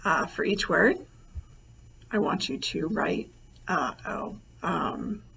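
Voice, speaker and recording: Gravelly-voiced woman teaching a recorded lecture. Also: lowish voice, slow pace. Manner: relaxed, many fillers, thinks aloud. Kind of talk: recorded lecture over slides. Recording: slightly dull, faint noise.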